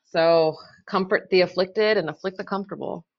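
A woman's voice: on the low side, normal speed, highs cut off. A woman public defender speaking casually and candidly in a podcast interview, with many fillers.

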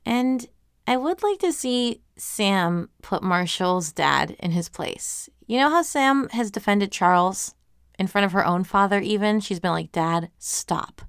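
A woman chatting casually through a recap of a webcomic episode, enthusiastic and quick to laugh. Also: mid-range voice, animated, vocal fry, smooth, no echo, clean studio sound.

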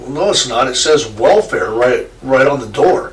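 A man's voice: mid-range voice, lively intonation, measured pace, lightly acted. Man doing a whiny pampered boy. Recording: echoey room, distant mic, faint noise.

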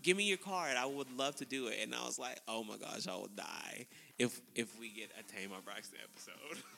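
Guy on a podcast telling a story, bright voice, lots of laughing, kinda echoey. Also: moderate pace, creaky, faint music behind. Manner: animated, laughs often, acts out quotes in a high voice. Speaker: podcast co-host. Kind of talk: casual storytelling chat.

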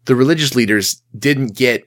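A man's voice: medium pitch, moderate pace, fairly bright tone. A man giving a casual sermon in a conversational, emphatic way, acting out the quotes he tells. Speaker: Christian speaker.

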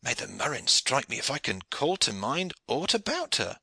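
A man voicing a grim, vengeful older soldier, gruff and earnest. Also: medium pitch, sing-song, normal speed, sharp tone, no room sound, voice pushed up, heavily acted.

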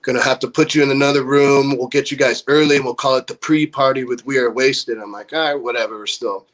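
A man's voice: medium pitch, fast talker. A young man from California in a band, casually telling a story full of swearing and acted-out quotes. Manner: profane, animated storyteller acting out quotes. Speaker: band member.

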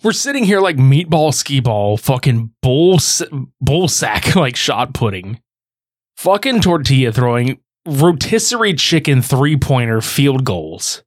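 A man's voice: medium pitch, big pitch swings, measured pace. A man co-hosting a casual podcast chat in a laid-back, profane, joking way.

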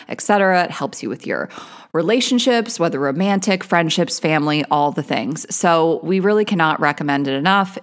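A woman reads a sponsor spot on a podcast, upbeat and sincere. Her voice sits very low for a woman. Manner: upbeat, earnest sales pitch. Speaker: podcast host reading an ad. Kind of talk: host-read ad.

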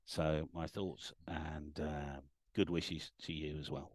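A middle-aged man, an animated storyteller chatting casually as a livestream guest and acting out the lines he quotes. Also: a bass voice, slow, no echo. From England.

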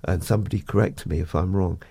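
A man co-hosting a breakfast radio show, reading the news and then discussing it in a measured, deliberate way in a studio. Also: deep voice, steady tone, creaky, mellow, slightly rough. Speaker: radio co-host and newsreader.

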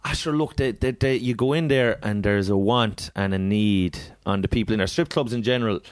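A man's voice: lowish voice, brisk, clear, resonant tone. Irish man, Irish accent, comedian guest, casual podcast chat, rambling storyteller, swears freely. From Ireland.

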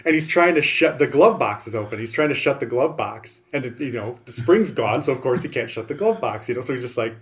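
A man's voice: medium pitch, lively intonation, a little fast, hardly any pauses. A man co-hosting a casual chat about bad movies, rambling, swearing freely and acting out scenes as he tells them. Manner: rambling, profane, acts out scenes.

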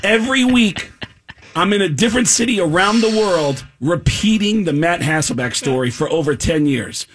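A man, a comedian, telling a comic story on a radio show and acting out other people's voices with gasps and shouts. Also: high-pitched, expressive, normal speed, a little hiss or hum. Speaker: stand-up comedian guest.

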